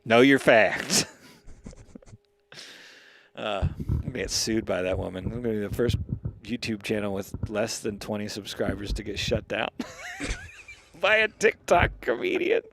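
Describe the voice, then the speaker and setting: A man's voice: fairly low pitch, expressive, a little slow, creaky, long pauses, fairly bright tone, a little hiss or hum. A man co-hosting a casual comedy podcast, rambling and joking, laughing often as he talks. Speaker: podcast co-host.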